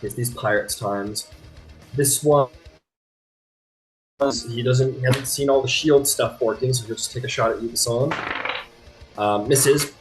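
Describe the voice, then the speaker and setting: A man narrating a tabletop game as game master, relaxed and rambling with many fillers. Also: mid-range voice, measured pace, pauses often, faint music behind.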